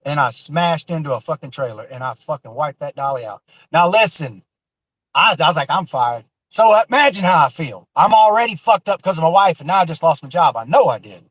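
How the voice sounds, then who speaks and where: A man, telling a raw, emotional personal story with cursing and halting restarts. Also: a little high, expressive, fairly bright tone, no room sound, rough recording. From Florida Panhandle.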